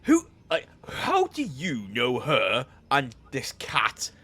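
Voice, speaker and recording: Slow, lively man with a cold. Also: mid-range voice. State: has a cold. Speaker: player. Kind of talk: tabletop role-play.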